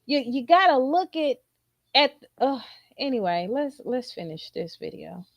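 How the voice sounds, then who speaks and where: Woman ranting on her channel, aave, real blunt and cussing, kinda high voice. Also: big pitch swings, unhurried, no room sound. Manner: blunt, incredulous, profane. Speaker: commentary channel host. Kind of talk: casual reaction commentary.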